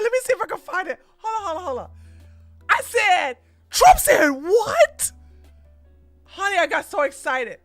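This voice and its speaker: A woman hosting a live-streamed political podcast, talking in an excitable, theatrical way and laughing often. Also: high-pitched, slow, pauses often, soft background music, some chatter behind. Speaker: podcast host.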